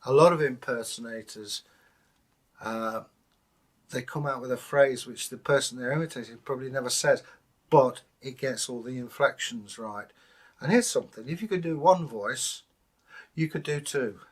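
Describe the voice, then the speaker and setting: An Englishman in middle age chats easily as co-host, his voice sitting at an ordinary middle pitch. He spins anecdotes and drops into brief impressions along the way. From England. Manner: anecdotal, slips into quick impressions. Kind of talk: casual chat.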